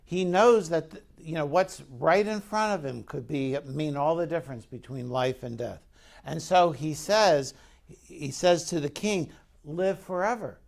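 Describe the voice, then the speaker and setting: A man's voice: on the high side, a little slow, vocal fry. A man preaching a conversational sermon as pastor, telling the story and putting questions to the congregation.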